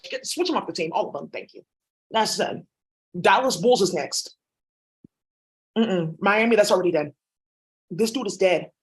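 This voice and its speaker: A woman's voice: mid-range voice, expressive, moderate pace, pauses often. A woman vlogger talking in a rambling, blunt, profane monologue. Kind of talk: casual monologue.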